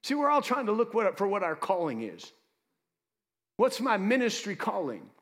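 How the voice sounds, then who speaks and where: High, lively preaching man. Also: moderate pace, big-room sound. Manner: lively preaching with asides to the congregation. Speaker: pastor. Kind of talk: sermon.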